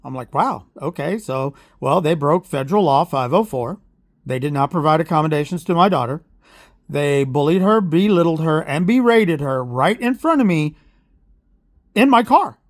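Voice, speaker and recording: A man's voice: fairly high pitch, animated, normal speed, dry recording, studio quality. Blunt, heated man. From Oklahoma. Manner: heated, blunt storytelling with sarcastic asides. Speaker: parent vlogger. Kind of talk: ranting vlog monologue.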